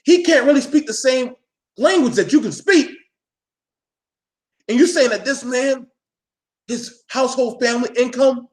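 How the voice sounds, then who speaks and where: A man with a high voice for a man, ranting live to his viewers. He is blunt, preachy and swears freely, hammering his point again and again like a street-corner lecture. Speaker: vlogger addressing his viewers.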